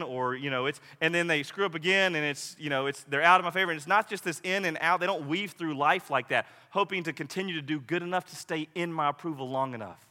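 A male pastor preaching a sermon in a lively, conversational way, acting out quoted voices along the way. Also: high-pitched, in a large hall.

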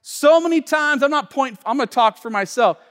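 Man, pastor, high voice, casual slangy sermon, animated swings from quiet to shouting, long church-hall reverb. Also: fairly quick. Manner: casual slangy talk, many fillers and restarts. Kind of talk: sermon with personal story. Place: church sanctuary.

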